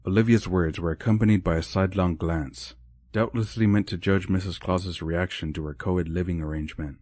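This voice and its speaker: A man narrating an audiobook with measured, even storytelling. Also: low-pitched, no echo, clean studio sound. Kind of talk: scripted narration.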